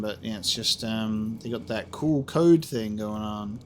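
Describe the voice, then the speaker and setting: A man's voice: on the low side, a little slow. Jokey guy rambling over gameplay, casual, faint noise behind. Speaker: let's play host.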